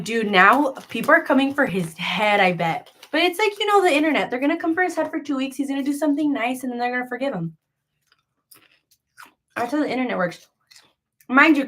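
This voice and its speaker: Young woman, live-stream host, frank and rambling, a bit high-pitched. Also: a bit bright. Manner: rambling, filler-heavy, with many likes; gossipy and frank. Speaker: crochet seller hosting a live sale. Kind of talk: casual live-stream chat.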